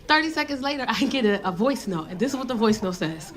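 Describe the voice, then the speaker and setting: A brash woman comedian working a club crowd, profane and teasing. Her voice sits high and swings wildly. Loud laughter and room noise fill the live recording. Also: expressive, fairly quick. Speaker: stand-up comedian. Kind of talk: stand-up comedy storytelling.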